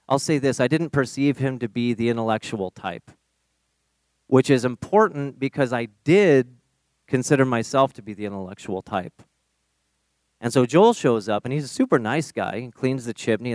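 A man telling a personal testimony on stage in an animated, self-deprecating way. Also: mid-range voice, no echo, clean studio sound. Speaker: storyteller.

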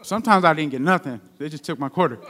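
Young male preacher, sermon delivery, conversational storyteller, voice on the high side. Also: lively intonation, fast talker, bright, forceful tone. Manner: conversational storytelling with call-outs.

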